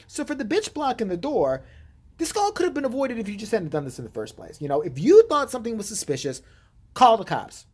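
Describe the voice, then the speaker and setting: A woman's voice: fairly high pitch, sing-song, brisk, darkish tone, slightly rough. A woman vlogger giving blunt, heated, profane commentary and telling a story.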